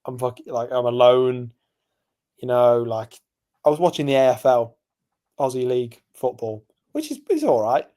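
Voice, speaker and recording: This podcast co-host is a young man from England whose mid-range, mellow voice swings widely in pitch at a normal speed. Chatting casually, he meanders through a night-out tale, speaking loosely with plenty of fillers and asides.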